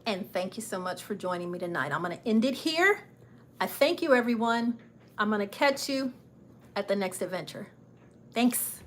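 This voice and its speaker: A woman's voice: mid-range voice, expressive, normal speed, slight background noise. A woman hosting her own travel channel livestream, chatting and encouraging viewers in a casual, upbeat way with frequent laughs. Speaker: travel channel host and travel agent.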